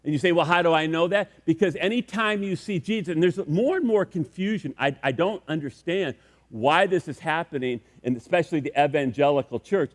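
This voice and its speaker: A pastor preaching to his congregation in a relaxed, storytelling style, with a voice on the higher side for a man. The sound carries a long church-hall reverb. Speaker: senior pastor. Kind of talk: sermon. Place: church sanctuary.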